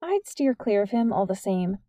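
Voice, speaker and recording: A woman's voice: mid-range voice, sing-song, normal speed, dark tone, dry recording, studio quality, close to an everyday voice. Woman reading a blunt, skeptical teen girl.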